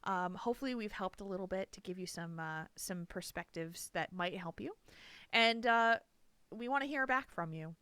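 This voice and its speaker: A woman's voice: medium pitch, moderate pace, pushed and bright, clean tone, dry recording. A woman co-hosting a casual podcast, talking openly and animatedly about her own anxieties, laughing often. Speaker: podcast co-host. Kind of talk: casual chat.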